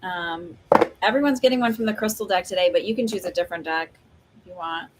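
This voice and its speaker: A woman with a fairly low voice talks fast over a noisy background. A psychic medium, she hosts a live stream of oracle card readings, rambling chattily with plenty of fillers and laughs.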